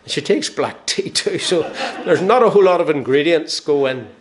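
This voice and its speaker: A man in his sixties with a Northern Irish accent, preaching a sermon. He tells stories with gentle humour and lets his phrases fall soft and slow at the ends. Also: on the high side, expressive. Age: 60s.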